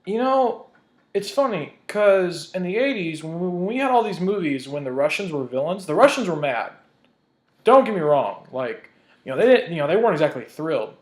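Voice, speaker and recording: A man's voice: high-pitched, sing-song, moderate pace. A man ranting in a vlog, heated and profane, hammering his points with emphasis. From United States. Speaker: vlogger. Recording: roomy echo.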